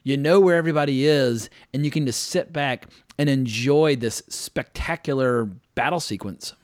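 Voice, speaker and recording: A man's voice: medium pitch, moderate pace, no echo, studio quality. A man guesting on a podcast, gushing about films in casual, profane chat. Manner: enthusiastic, profane, acts out quotes.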